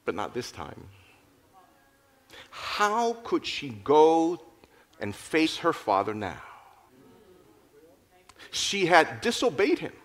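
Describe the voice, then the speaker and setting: A man narrating a moral story in an expressive, dramatic storytelling manner. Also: a little high, slow, pauses often. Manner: expressive, lively storytelling with restarts.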